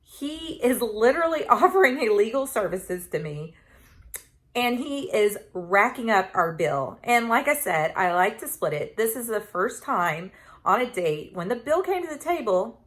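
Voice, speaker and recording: A woman's voice: fairly high pitch, big pitch swings, a little slow, a bit bright. Chatty woman in her forties. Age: 40s. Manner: chatty storytelling with many fillers. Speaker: vlogger. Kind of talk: casual chat to camera.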